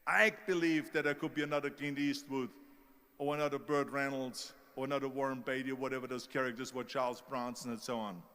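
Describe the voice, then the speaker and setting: A man's voice: mid-range voice, fairly even intonation, brisk, fairly bright tone, clear, resonant tone, in a large hall. An older man with a strong Austrian German accent, giving an emphatic motivational speech and telling stories, mimicking the people who doubted him. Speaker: motivational speaker.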